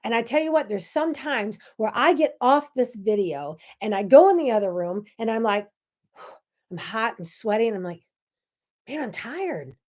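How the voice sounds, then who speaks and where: A woman's voice: fairly high pitch, lively intonation, moderate pace. Fired-up woman preaching to camera. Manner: fiery and preachy, swings between loud outbursts and hushed asides; candid and self-deprecating. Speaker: host of a faith talk show. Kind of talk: impassioned faith talk to camera.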